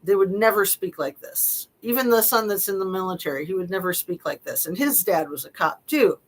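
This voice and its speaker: A woman's voice: mid-range voice, brisk, low-quality recording. A middle-aged woman reading text messages aloud and commenting on them casually, with wry, skeptical asides and frequent fillers. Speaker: true-crime commentator.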